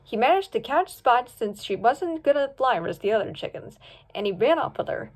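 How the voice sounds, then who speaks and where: A woman reading a children's fanfiction story aloud, switching into voices for each character. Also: normal speed. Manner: lively, voices each pup and hawk with pitch jumps. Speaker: fanfiction reader.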